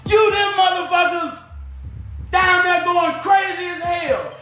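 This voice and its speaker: Man, impassioned profane rant, very high voice, echoey room, faint music. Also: a little slow, pushed and bright, shouting. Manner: fiery, profane, preaching.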